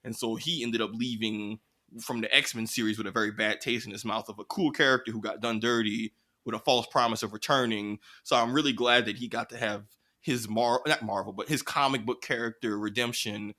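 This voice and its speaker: Man, podcast co-host, casual chat, bright forceful voice, slangy and animated. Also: fairly low pitch. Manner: animated, slangy, quick riffs with put-on quotes.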